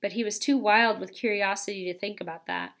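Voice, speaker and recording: A woman reading a children's novel aloud with expressive, lively storytelling. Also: mid-range voice, fairly quick. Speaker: audiobook reader.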